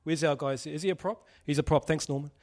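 A man's voice: fairly high pitch, steady tone, fast talker, a little mellow. A man preaching a casual sermon, joking and putting questions to the congregation. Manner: chatty, jokey, asks the audience questions.

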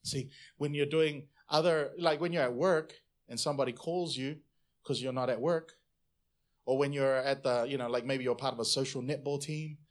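A man pastor preaching a sermon, animated and conversational, swinging between loud bursts and quiet asides. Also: medium pitch.

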